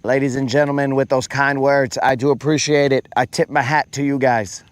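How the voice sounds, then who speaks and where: A man's voice: moderate pace, no room sound. A man hosting a fishing livestream, chatting casually and animatedly with viewers in slang and acting out quoted voices. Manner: animated storyteller, slangy, acts out quotes in a higher voice.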